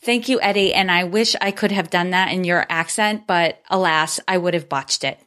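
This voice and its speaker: A woman's voice: on the low side, normal speed, fairly bright tone. A woman hosting her own podcast, talking upbeat and grateful as she thanks listeners and reads their reviews aloud. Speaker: podcast host. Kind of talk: solo podcast monologue.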